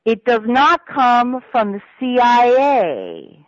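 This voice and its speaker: A woman's voice: a little high, quick pace, no room sound, natural voice. A woman putting on a furious, cursing male official in an emphatic tirade. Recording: muffled radio audio.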